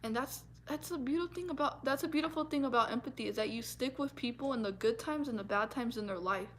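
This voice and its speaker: A woman's voice: on the high side, fast, slight background noise. A woman vlogger talking earnestly and from the heart about her feelings, with many fillers and restarts. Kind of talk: personal talk to camera.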